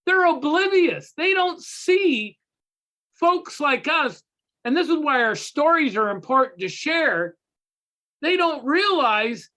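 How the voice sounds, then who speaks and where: Bright-voiced man teaching over a video call. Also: extremely high pitch. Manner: animated storyteller, repeats phrases for emphasis. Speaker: recovery workshop facilitator. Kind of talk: teaching talk with spoken parables.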